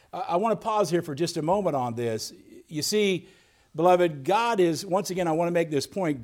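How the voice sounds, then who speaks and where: Male pastor, sermon delivery, slightly raised voice, earnest, halting restarts. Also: fairly high pitch. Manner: earnest, repeats words and restarts often.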